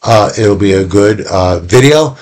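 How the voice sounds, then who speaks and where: Male teacher, deeper voice, chatty and animated, a casual video lesson with bits of play-acting. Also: a little slow. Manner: animated, chatty, acts out little quoted exchanges.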